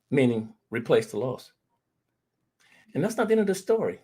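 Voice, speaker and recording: A man's voice: medium pitch, big pitch swings, moderate pace, dark tone, breathy edge. A man giving an earnest presentation on grief, telling personal stories and speaking to the audience as family. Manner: earnest, addresses the audience as "fam".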